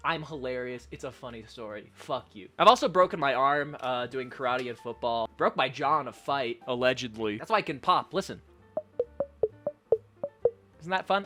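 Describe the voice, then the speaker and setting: A young man chats through fan questions, his pitch leaping all over the place. His voice is bright and sits a little high, and soft music plays behind him. He jokes and swears freely. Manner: animated, jokey, swears often, does high silly voices in stories. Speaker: content creator. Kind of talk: casual Q&A vlog.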